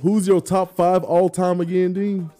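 Male host, mellow tone, playful needling, faint music bed. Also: sits high, level tone, a little slow. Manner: teasing, playful, reads viewer comments. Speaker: podcast host reading chat. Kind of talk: casual sports debate.

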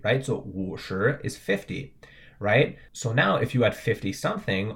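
A young man with a slightly low voice teaches patiently. He breaks each word down letter by letter and keeps asking the viewer "right?" in a relaxed, explanatory lesson style. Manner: patient, spells words out letter by letter, often checks in with "right?". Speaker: language teacher.

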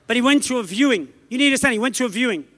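High-voiced fervent Australian preacher. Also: male voice, lively intonation. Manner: fervent, rapid storytelling building to shouted calls. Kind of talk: revival sermon. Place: church meeting. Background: soft music from musicians.

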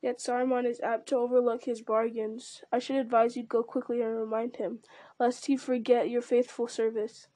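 Rebuking old wizard, read by a woman, mellow, slightly high voice. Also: level tone, normal speed, no echo, close to an everyday voice. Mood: scornful. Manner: piercing, rebuking. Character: stern old male wizard.

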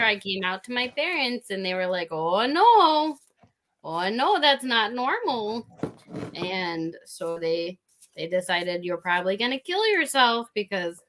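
A woman's voice: mid-range voice, a bit bright. A woman with a Midwestern accent co-hosting a casual podcast, frank and self-mocking, laughing often as she talks. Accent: Midwestern American. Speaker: podcast co-host. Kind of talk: casual chat.

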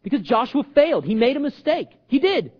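A pastor preaches a lively sermon, acting out the voices he quotes and joking with the audience as he goes. His voice is extremely high, brisk, and slightly rough, and the recording has its highs cut off.

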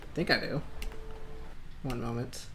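A man running a tabletop role-playing game who narrates scenes in a rambling way, full of fillers. His voice is bright and forceful, at a middling pitch. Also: fairly even intonation, a little slow, a little hiss or hum. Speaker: game master.

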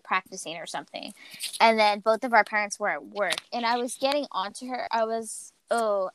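A woman's voice: mid-range voice, a little hiss or hum, low-quality recording. A young woman hosting a podcast, telling a story in casual chat and acting out what people said. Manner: animated storytelling, acts out quotes. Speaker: podcast host.

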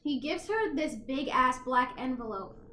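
A young woman co-hosting a podcast, casually retelling a movie in an animated way and swearing freely. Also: high-pitched, measured pace, echoey room, slight background noise. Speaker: podcast co-host.

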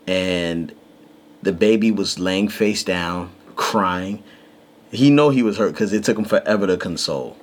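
A deep-voiced man, co-hosting a podcast, tells a lively story in a casual storytelling chat. He's an unhurried, animated storyteller who acts out the quotes.

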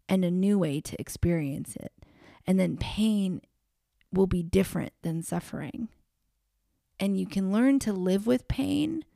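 A woman calmly talking through a personal reflection, unhurried, with frequent pauses and filler words. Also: fairly low pitch, vocal fry, no room sound, clean studio sound. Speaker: vlogger.

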